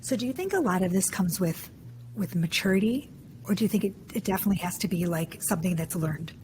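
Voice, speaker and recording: A woman's voice: on the low side, lively intonation, darkish tone, slight background noise. A woman around fifty hosting a podcast interview, effusive and chatty, heaping praise on her guest. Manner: effusive, gushing, quick and chatty. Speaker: podcast host.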